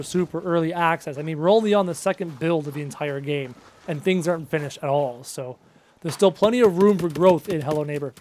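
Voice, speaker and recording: A man around thirty with a high-pitched, darkish-toned voice chats with viewers on a live gaming stream. He's casual and upbeat while he plays.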